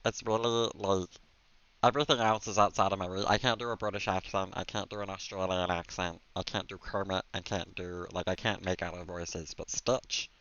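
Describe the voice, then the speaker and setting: A man's voice: deep voice, steady tone, normal speed, a bit bright. A man streaming a game from a room at home, chatting casually and giggling as he talks to his viewers and his pet. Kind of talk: casual live-stream gameplay commentary. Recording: slightly dull stream mic audio.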